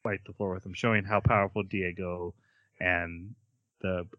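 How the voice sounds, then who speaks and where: A man's voice: sits low, flat delivery, no room sound, lo-fi sound. Chatty man recapping on a podcast. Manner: chatty, laughs often, quickly acts out characters' lines. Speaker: podcast host. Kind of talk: casual chat recapping an anime episode.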